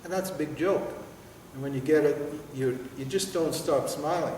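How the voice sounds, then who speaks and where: An older man giving a spiritual teaching at a seminar, telling stories in an animated way with laughter and swearing. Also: on the high side, moderate pace, slight background noise. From United States. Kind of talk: seminar talk. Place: large hall with audience. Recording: echoey hall, voice from far off.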